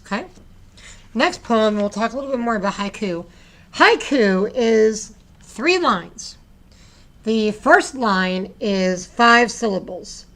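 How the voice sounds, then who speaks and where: A woman's voice: medium pitch, a bit bright. A woman teacher explaining a poetry assignment to her students, chatty, with asides and frequent restarts.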